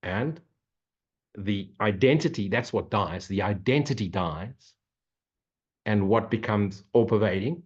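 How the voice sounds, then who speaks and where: A man's voice: on the low side, lively intonation, unhurried, pauses often, slightly rough, dull audio. A man teaching spiritual ideas in a Q&A talk, blunt and mocking, swearing freely and repeating his points like a preacher. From Africa. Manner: repetitive, preachy. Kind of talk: non-dual Q&A talk.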